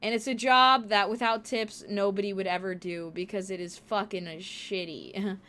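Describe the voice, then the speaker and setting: A young woman streamer telling stories in casual chat, animated and profane, acting out the people she quotes. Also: medium pitch, moderate pace.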